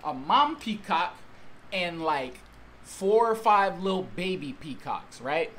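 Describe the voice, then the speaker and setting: A man telling a story-time tale in a vlog, excitable and slangy, with exaggerated storytelling and sudden outbursts. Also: sits high, slow. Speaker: YouTube storyteller.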